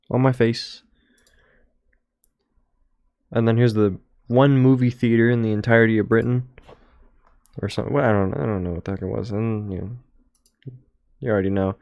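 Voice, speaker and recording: A man's voice: fairly low pitch, fairly even intonation, measured pace, pauses often, a little mellow, clean tone, dry recording. Young male streamer, loose jokey rambling, dry mic. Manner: rambling, joking, trails off. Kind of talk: casual chat over travel photos.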